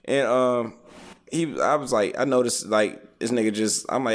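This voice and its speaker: A man with a low voice tells stories in a loose, casual chat. He talks in a laid-back, profane way and breaks into laughter often. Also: normal speed.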